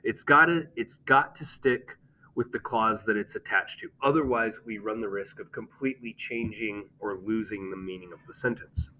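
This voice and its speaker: A man's voice: on the low side, moderate pace, sharp tone, a little hiss or hum, rough recording. A man teaching a grammar lesson, explaining step by step and checking in with "okay?".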